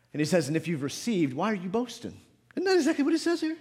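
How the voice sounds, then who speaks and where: A male pastor preaches to his congregation in a church. His voice sits high and swings widely in pitch, jumping to shouts and sinking to hushed asides. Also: fast. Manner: animated preaching with sudden shouts and drops to low asides. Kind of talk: sermon. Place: church sanctuary.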